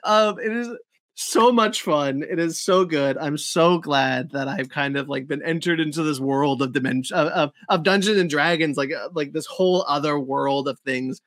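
Recorded in a clean, echo-free studio, a male podcast co-host chats casually and with enthusiasm, rambling and full of fillers and restarts. He speaks at normal speed in a fairly high, slightly bright voice.

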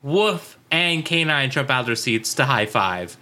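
Lively bright-voiced man recapping jokingly. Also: mid-range voice, unhurried. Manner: animated, jokey, acts out lines. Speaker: podcast co-host. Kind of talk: casual chat recapping a cartoon episode.

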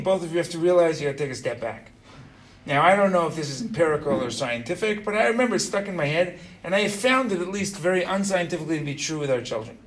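Quizzing his students again and again, an animated middle-aged man gives an informal religious lesson, punctuating his points with "right?". His voice is a little high.

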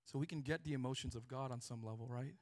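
A man preaching a sermon as pastor, building to shouted peaks and acting out quoted voices. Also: medium pitch, quick pace.

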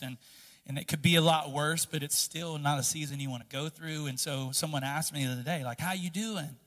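A man preaching a sermon in a big church hall, his bright, forceful voice ringing out with a long tail of reverb. His pitch sits a little high for a man. He leans in close and confiding, then climbs into loud, impassioned preaching. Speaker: pastor. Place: church sanctuary.

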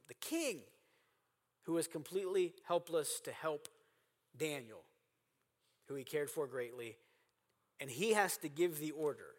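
A man's voice: on the high side, in a large hall. A man preaching a sermon as pastor, earnest and emphatic, repeating phrases for stress. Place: church sanctuary.

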